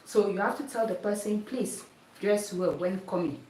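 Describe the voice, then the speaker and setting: A woman's voice: medium pitch, normal speed, darkish tone, a little hiss or hum. A woman teaching a sewing class by demonstrating on a mannequin, who talks patiently, repeats each step and keeps asking if you saw it. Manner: patient, repeats steps, asks "did you see it?". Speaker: sewing instructor. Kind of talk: hands-on demonstration lesson. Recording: echoey room, voice from a distance.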